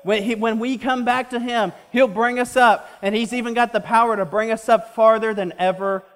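A man preaching a sermon as a pastor, impassioned and slowing down for emphasis. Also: extremely high pitch, steady tone, a bit bright.

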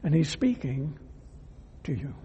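A man preaching a sermon as a pastor, earnest and emphatic, at times dropping to a hush. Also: fairly high pitch, big pitch swings, unhurried, husky, in a large hall, highs cut off. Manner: earnest, emphatic preaching that drops to hushed tones.

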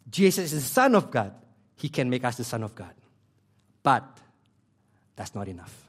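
A man pastor preaching a sermon with passion, repeating key phrases and swinging between loud emphasis and hushed near-whispers. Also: a little high. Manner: emphatic repetition, non-native grammar slips.

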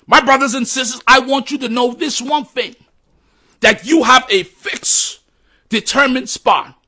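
A man's voice: extremely high pitch, unhurried, bright, forceful tone. A man preaching a sermon in an emphatic, repetitive cadence, closing in prayer.

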